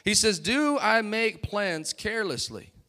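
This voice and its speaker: A man preaching a sermon as pastor, calling out to the congregation and building to loud, emphatic bursts. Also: high voice, expressive, a little slow.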